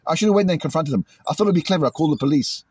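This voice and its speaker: A British man venting angrily in a vlog, repeating himself and imitating loud bangs, recorded outdoors. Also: fairly high pitch, lively intonation, racing, a little hiss or hum. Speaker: vlogger. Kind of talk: agitated monologue to camera. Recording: outdoors in a cemetery.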